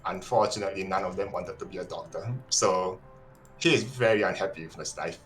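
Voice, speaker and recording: A man introducing his tabletop character casually, hesitant, with frequent pauses and ums. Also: sits low, a bit bright, faint music behind. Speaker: player.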